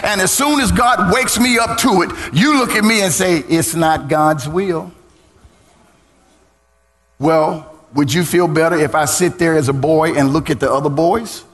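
A middle-aged man preaching a sermon as pastor, swinging into sung, shouted lines and calling on the congregation to respond. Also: on the high side, unhurried, soft background music. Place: church. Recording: church hall reverb.

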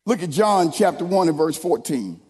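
A man preaching a sermon, leading the congregation in call-and-response and building to shouted lines. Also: on the high side, expressive, normal speed, slightly rough. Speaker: pastor. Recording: long hall reverb.

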